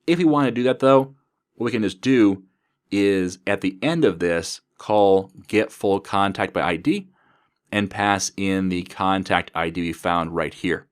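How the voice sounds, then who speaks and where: This coding tutorial comes from a low-pitched man who speaks a little slowly. As a programming instructor, he methodically describes each step while he types.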